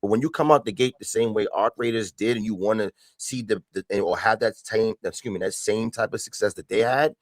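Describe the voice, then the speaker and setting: Fast-talking low-voiced man, slangy. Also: no echo. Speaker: podcast co-host. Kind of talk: casual chat.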